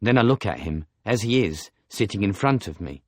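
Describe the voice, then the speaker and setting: Low-voiced man narrating an audiobook. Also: expressive, normal speed, no echo, clean studio sound. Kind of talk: scripted first-person novel narration.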